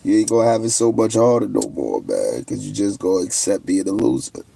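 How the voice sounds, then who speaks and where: A man's voice: on the low side, fairly quick, vocal fry, warm tone, slightly rough. A young man, hosting a casual livestream, answering viewers with brash, boastful trash talk. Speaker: livestream host.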